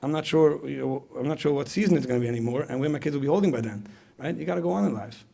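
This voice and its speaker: Gravelly fast-talking male lecturer. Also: mid-range voice, mellow. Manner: repeats phrases, asks the audience questions. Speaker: speaker at a parenting retreat. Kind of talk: conversational lecture.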